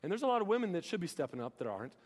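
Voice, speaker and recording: A man's voice: sits high, big pitch swings, rapid-fire, darkish tone. A young man preaching a sermon in a church, earnest and pressing his listeners with rhetorical questions. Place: church hall. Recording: long hall reverb.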